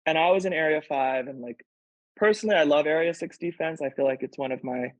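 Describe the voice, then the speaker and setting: This fast-talking man with a fairly high voice is a pro volleyball player on a podcast, speaking casually, earnestly and emotionally while leaning on "like" a lot. The recording is dull lo-fi with no room sound.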